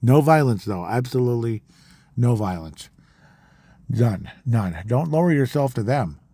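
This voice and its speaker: Rambling man with a mellow voice. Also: mid-range voice, lively intonation, unhurried, slightly rough, no echo. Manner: rambling, repeats words, gets heated. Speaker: podcast host. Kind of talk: casual opinion monologue.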